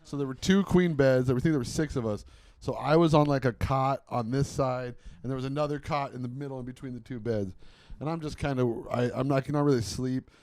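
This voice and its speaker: A man's voice: mid-range voice, fairly quick, darkish tone, dry recording. A man in his thirties co-hosting a podcast, telling a rambling story with lots of swearing. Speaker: podcast co-host. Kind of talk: casual chat, storytelling.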